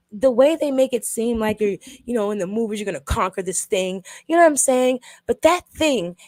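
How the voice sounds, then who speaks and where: A woman hosting a casual livestream, talking excitedly to her viewers and swearing freely. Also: medium pitch, no room sound. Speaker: livestream host.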